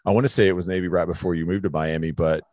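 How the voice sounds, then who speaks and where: A man's voice: sits low, fairly even intonation, quick pace, darkish tone, dry recording, studio quality. A man hosting a casual faith conversation, telling a personal story earnestly and calling his guest bro. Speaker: podcast host.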